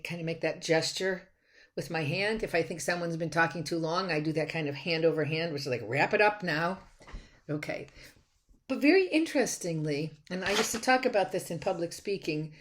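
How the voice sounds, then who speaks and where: A woman college instructor giving a recorded lecture on slides, talking conversationally with frequent restarts and fillers. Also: sits low.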